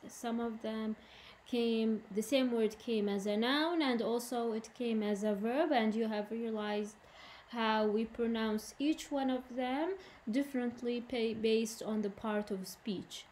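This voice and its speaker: A woman's voice: on the high side, slow, a little mellow, slight background noise. Woman teacher. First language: Arabic. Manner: explains in English then repeats in Arabic. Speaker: English teacher. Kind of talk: recorded classroom lesson.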